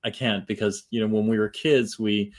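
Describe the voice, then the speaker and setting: A man's voice: lowish voice, fairly even intonation, normal speed. A man hosting a podcast, chatting casually and rambling with lots of fillers. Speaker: podcast host. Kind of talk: casual chat.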